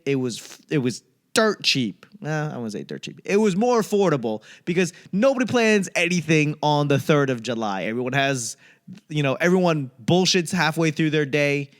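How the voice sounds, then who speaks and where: A man's voice: fairly high pitch, big pitch swings, moderate pace. Ranting, foul-mouthed man on a podcast. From United States. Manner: profane, ranting tangents with comic asides. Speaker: comedian and podcast host. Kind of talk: rambling solo podcast monologue.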